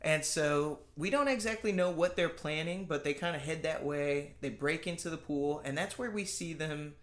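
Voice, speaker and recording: A man's voice: a little high, normal speed, a bit bright. A man hosting a podcast, recapping a movie in a casual chatty way, full of filler words. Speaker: podcast host. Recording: roomy echo.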